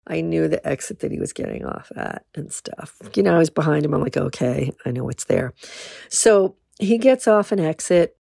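A woman's voice: sits low, fairly quick, creaky, few pauses, dark tone, no room sound, studio quality. A woman from New Jersey hosting a podcast, telling a frank, bawdy story in a casual way. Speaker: podcast host.

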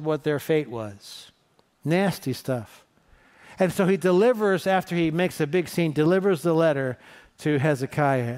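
A man's voice: fairly high pitch, a little mellow, clear, resonant tone. A middle-aged man from northeast Ohio preaching a sermon in a conversational, storytelling way, asking the congregation questions. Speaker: pastor.

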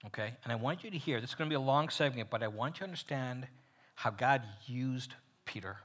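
A man leads a men's Bible study in an animated teaching voice. His tone is bright and a little husky. He rises to loud emphasis on key points and sinks almost to a whisper on others. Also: medium pitch, brisk.

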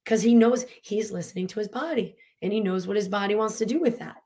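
This woman, a coach, talks fast in a mid-range voice during a relaxed lesson on emotions. Earnest and lively, she laughs a lot, fills her speech with fillers, and lets out audible breaths and sighs as demonstrations.

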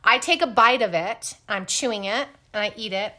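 Woman host, bright forceful voice, higher pitch, blunt animated storyteller who swears. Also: moderate pace. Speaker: podcast host. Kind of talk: casual storytelling.

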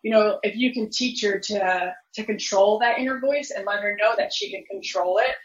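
A woman's voice: medium pitch, normal speed, dull audio. A woman talking earnestly in a podcast discussion, explaining how to handle emotions in sport.

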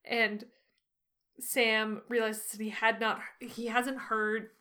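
A woman's voice: fairly high pitch, little pitch movement, slow pace, bright, forceful tone. A young adult woman co-hosting a podcast, musing enthusiastically about a novel with stumbles and restarts. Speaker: podcast co-host. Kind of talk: casual book discussion.

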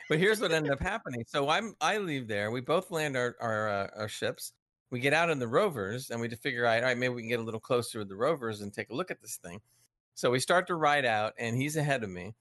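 A man's voice: medium pitch, animated, brisk, a bit bright, dry recording, studio quality. A man on a podcast, casually telling a gaming story with chuckles and friendly asides. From United States. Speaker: podcast co-host. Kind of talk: casual chat.

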